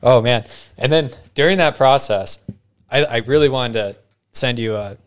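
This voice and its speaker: A man's voice: mid-range voice, moderate pace, clear, resonant tone. A young man from Arizona telling a story in casual chat, quoting the people in it and laughing often. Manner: animated anecdote with quoted voices and frequent laughs.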